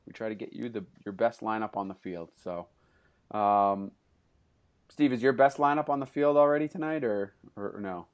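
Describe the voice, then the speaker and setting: A man with a fairly low voice hosts a laid-back podcast conversation. He talks loosely and keeps stopping to restart his sentences, with lots of "uh" and "um" as he steers the chat. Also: moderate pace. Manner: relaxed, loose, with frequent fillers and restarts. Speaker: podcast host.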